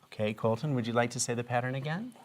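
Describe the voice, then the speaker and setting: A woman teaching a kindergarten reading lesson, patiently asking questions and drawing out phonics patterns slowly. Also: a bass voice, noisy background. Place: classroom with small children.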